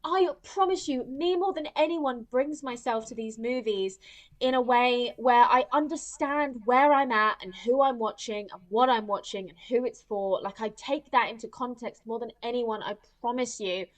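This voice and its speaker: A woman's voice: a little high, normal speed. A woman co-hosting a film podcast, ranting and swearing as she mimics characters in casual chat. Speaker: podcast co-host.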